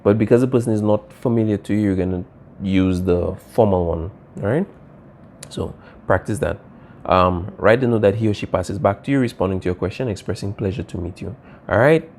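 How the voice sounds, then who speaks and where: A man teaching a Spanish class, explaining pronunciation and stretching out example words slowly while he checks in with his students. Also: lowish voice, a little mellow, a little hiss or hum. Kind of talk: classroom language lesson.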